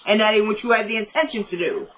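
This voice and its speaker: A woman's voice: mid-range voice, expressive, fast talker, rough recording. A woman casually recapping a TV episode, acting out the characters' lines and adding blunt asides. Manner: chatty retelling that acts out the characters' dialogue; blunt asides with mild swearing.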